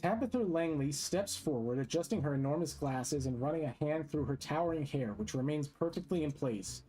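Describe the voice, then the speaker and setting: A man's voice: on the high side, animated, brisk, dark tone, slightly rough, faint music behind. A man hosting a casual stream, reading a role-play debate aloud with amused asides as moderator.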